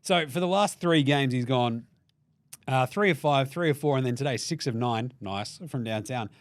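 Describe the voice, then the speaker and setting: Hosting a laid-back basketball podcast, this young Australian is profane and jokey, mimicking the players' voices. He speaks in a mid-range voice at a moderate pace, and the recording is dry.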